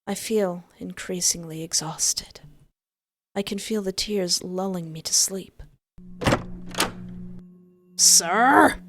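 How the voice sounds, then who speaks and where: Woman reading a game story aloud. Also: lowish voice. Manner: expressive reading with exasperated asides. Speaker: game player narrating. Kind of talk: reading a visual novel aloud.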